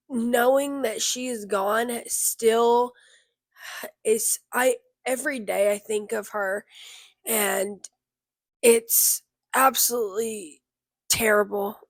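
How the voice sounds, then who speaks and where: A young woman from Kentucky, in her twenties, talks slowly and haltingly to her viewers in a personal vlog. Her voice sits a little high and sounds tearful with grief. The recording is dry and close. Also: no room sound. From Kentucky, USA. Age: 20s. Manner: grieving, halting, with many restarts. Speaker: vlogger. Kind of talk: personal vlog talk to camera.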